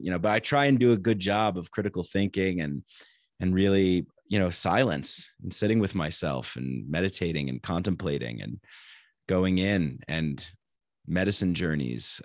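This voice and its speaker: A man talking as a podcast guest in casual conversation, reflective and halting, often repeating words as he thinks aloud. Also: deep voice, no room sound, studio quality.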